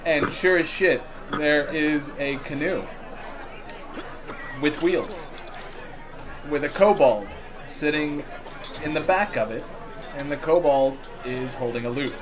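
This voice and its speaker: A man narrating as game master in a relaxed, casual way with asides. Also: fairly high pitch, takes it slowly, long pauses, a crowd in the background, background noise.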